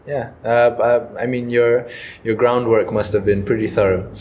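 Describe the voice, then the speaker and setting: A man's voice: medium pitch, fairly even intonation, normal speed, a little mellow, slight background noise. A man hosting a podcast, asking mock-serious interview questions and playing along with a comedy bit. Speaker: podcast host.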